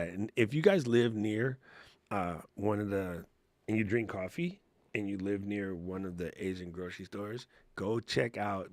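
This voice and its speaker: A man answering live chat questions on a casual livestream speaks in a low-pitched, slightly mellow voice. His storytelling is relaxed and full of slang, broken up by frequent laughs, and the recording has no room sound.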